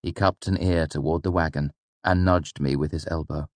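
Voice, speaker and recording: A man narrating an audiobook in the first person, in a measured, reflective storytelling manner. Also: very deep voice, steady tone, dry recording.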